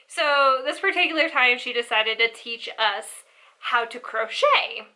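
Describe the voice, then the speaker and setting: A young woman telling a family story in a casual, animated way, acting out the voices of her relatives. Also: sits high, slow pace. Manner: animated, acts out family members' lines. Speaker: storyteller vlogger.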